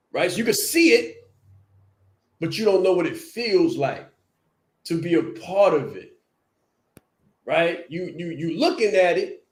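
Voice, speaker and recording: A man's voice: high voice, reverberant. A man hosting a podcast as a brand coach, giving a motivational talk and repeating key lines for emphasis.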